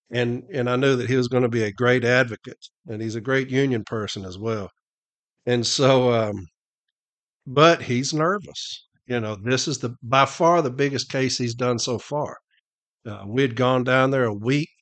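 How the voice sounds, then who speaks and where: A man's voice: mid-range voice, a bit bright. A middle-aged man, telling brash, profane stories in a casual chat and laughing at them. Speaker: union advocate and podcast guest. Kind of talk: casual storytelling.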